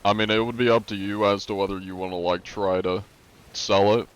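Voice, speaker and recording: A man's voice: lowish voice, steady tone, brisk, clean tone. A man streaming live, chatting casually while gaming and answering his chat, rambling with many fillers and restarts.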